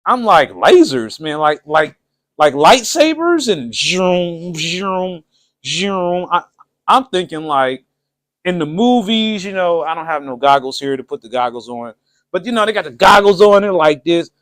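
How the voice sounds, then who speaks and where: Male vlog host, pitched high for a man, loose and slangy, laughs his way through a story. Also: big pitch swings, moderate pace, a bit bright. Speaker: channel host.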